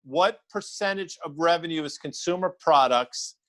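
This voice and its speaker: A man co-hosting a casual talk show, his voice sitting a little high for a man. He is laid-back and teases his partner dryly. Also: normal speed, a bit bright. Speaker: co-host. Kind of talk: casual chat.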